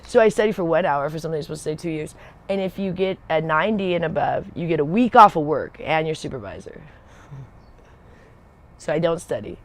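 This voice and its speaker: On a livestream, an Air Force veteran shares casual tales from her service days in a low, animated, brisk voice. She rambles and digresses, loses her thread, and laughs often.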